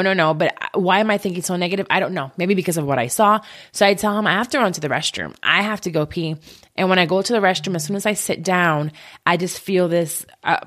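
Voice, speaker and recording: A woman in her thirties candidly telling a personal story, halting and emotional as she recounts it. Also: fairly low pitch, fairly bright tone. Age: 30s.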